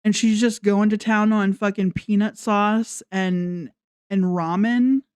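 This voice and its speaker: A woman's voice: mid-range voice, fairly even intonation, slow pace, darkish tone, smooth, no room sound, clean studio sound. Sarcastic, foul-mouthed woman commentator. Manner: sarcastic, mocking, heavy swearing. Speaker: commentary vlogger. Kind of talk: casual commentary rant.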